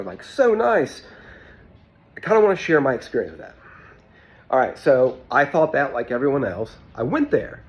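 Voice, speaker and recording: A man's voice: a little high, muffled recording. A man from the United States in a rambling, casual monologue, swearing often and out of breath from illness. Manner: profane, rambling, with frequent fillers. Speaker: vlogger.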